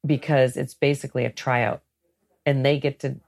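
Low gravelly woman telling stories. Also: normal speed. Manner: lively storyteller who acts out what others say. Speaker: guest, head of a sailing program. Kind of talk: casual interview talk.

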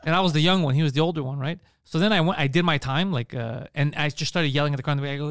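Man, fast and animated, fairly high voice, dry close sound, acts out other people's lines, swears freely. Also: no room sound. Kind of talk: casual chat.

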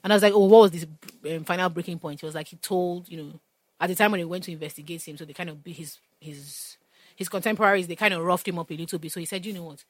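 A woman's voice: on the low side, quick pace, no room sound. A young Nigerian woman with a Nigerian accent in passionate casual conversation, retelling stories and pressing her points. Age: young adult. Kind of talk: casual chat.

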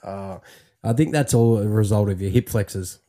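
A man's voice: lowish voice, moderate pace, dark tone. An Australian man co-hosting a podcast, trading laughing, blokey banter. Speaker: podcast co-host. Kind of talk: casual chat.

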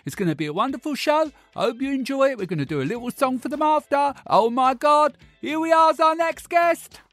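A man voicing a brash, gossipy middle-aged woman who hosts a talk show, chatty, loud and theatrical in a comic monologue. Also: very high-pitched, sing-song, fast talker, no echo, faint music behind. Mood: gushing. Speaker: podcast host.

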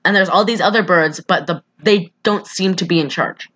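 A woman co-hosting a casual movie review podcast, animated and full of fillers, acting out characters as she talks. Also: fairly low pitch, normal speed. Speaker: podcast co-host.

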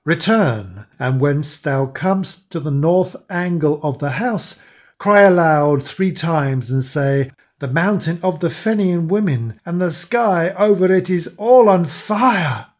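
A man voicing a calm, helpful spirit of a well who gives solemn instructions. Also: a little high, takes it slowly.

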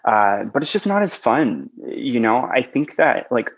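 A man's voice: mid-range voice, very animated, unhurried, breathy edge, lo-fi sound. A man talking as a podcast guest in casual chat, chatty and full of restarts. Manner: chatty, many likes and restarts.

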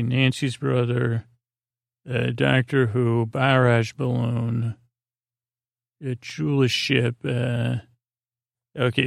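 Flat, gravelly man rambling a bedtime retelling. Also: mid-range voice, no room sound, studio quality. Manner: halting and meandering, many fillers and restarts. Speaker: podcast host.

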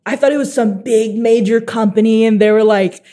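An eighteen-year-old man telling stories as a guest, animated, laughing often and acting out what others said. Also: high voice, normal speed. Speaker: guest artist. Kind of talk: casual storytelling.

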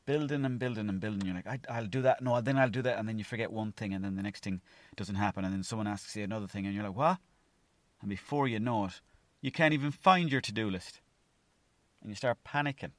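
Low-voiced Irish man rambling. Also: quick pace, no room sound. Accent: Irish, from Mayo. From Ireland. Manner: animated storytelling, acts out his own thoughts; swears freely. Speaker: podcast host. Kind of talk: rambling solo monologue.

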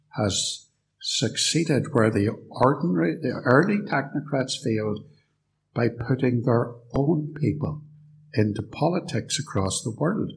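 A man's voice: medium pitch, gravelly, a little hiss or hum, rough recording. A man from the United Kingdom giving a live lecture in a church, sardonic and fond of rhetorical questions. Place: church hall.

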